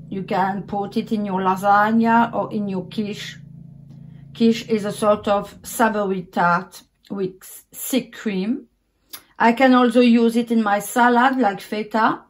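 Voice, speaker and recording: French woman, home cook, careful step-by-step tutorial delivery, slow pace, pitched a bit high. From France. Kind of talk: cooking tutorial. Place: home kitchen.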